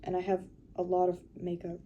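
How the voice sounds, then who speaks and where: A woman's voice: on the low side, monotone, a little fast, muffled recording, slight background noise. A young woman talking in a casual confessional vlog, rambling with lots of fillers and sounding tired while she sorts through her makeup and purse. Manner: rambling, filler-heavy, weary. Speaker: vlogger.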